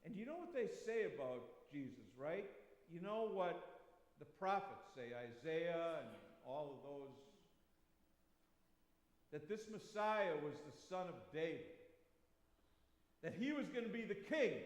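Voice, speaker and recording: High-voiced preacher in an echoing church. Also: male voice, big pitch swings. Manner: storytelling with dramatic pauses and swings in loudness. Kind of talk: first-person dramatic sermon monologue. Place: church sanctuary. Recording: echoey church with long reverb.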